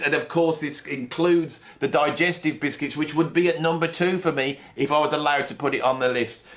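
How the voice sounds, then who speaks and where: A man hosts a comic video monologue in a fairly high voice. He swings between low, muttered asides and raised, mock-furious indignation. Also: brisk, few pauses. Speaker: comedy video host. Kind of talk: mock-serious comedic monologue.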